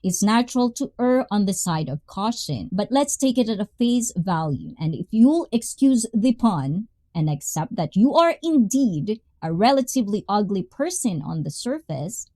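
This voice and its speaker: A woman's voice: very animated, moderate pace, few pauses, mellow, no echo. A woman talking casually to camera as a vlogger, reading lines aloud and reacting with frequent laughter. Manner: laughs often, breaks into high giggles; reads lines then reacts playfully.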